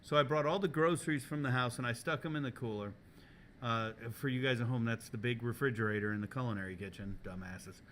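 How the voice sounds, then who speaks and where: A man hosting a casual podcast, telling animated, profane stories and laughing often, recorded in a school culinary kitchen. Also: medium pitch, quick pace, a little hiss or hum. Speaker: podcast host and culinary teacher.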